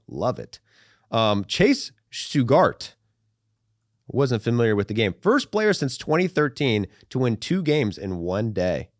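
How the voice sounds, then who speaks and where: A man hosting a sports podcast, chatting casually in an animated, slangy, rambling way. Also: on the low side, dry recording, clean studio sound. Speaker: podcast host.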